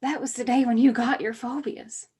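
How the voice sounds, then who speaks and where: An actress playing the grieving adult daughter of a coal miner, speaking with a mournful, bitter tone. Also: female voice, fairly high pitch, steady tone, normal speed, a little mellow, slightly rough. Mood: sorrowful. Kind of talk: stage play monologue.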